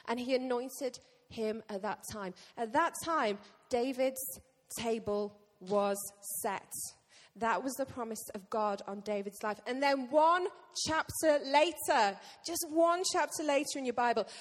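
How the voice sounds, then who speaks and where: Lady pastor preaching, high voice, bouncy and jokey with the crowd, big church reverb. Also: measured pace. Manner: lively, joking asides to the congregation. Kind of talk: sermon. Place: church hall. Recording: long reverb of a church hall.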